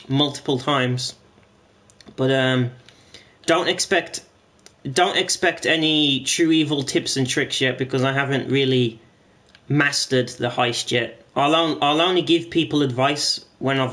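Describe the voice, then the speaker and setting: A man's voice: mid-range voice, a bit bright. A man chatting casually to viewers while streaming a game, rambling and swearing now and then. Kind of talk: casual gaming stream commentary.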